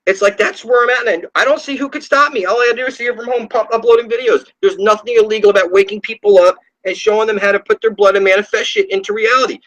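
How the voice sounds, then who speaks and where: A man's voice: sits high, fairly even intonation, fast talker, hardly any pauses, a bit bright, rough recording. A man at home delivering a rambling, profane spiritual rant, scornful and preachy, often trailing off and restarting his sentences. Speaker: online video ranter.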